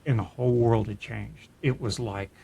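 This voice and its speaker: A man's voice: fairly low pitch, steady tone, moderate pace, gravelly, mellow, breathy edge. A middle-aged man co-hosting a podcast, telling a personal story in an earnest, reflective way, often restarting his sentences. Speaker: podcast co-host. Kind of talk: personal storytelling in casual chat.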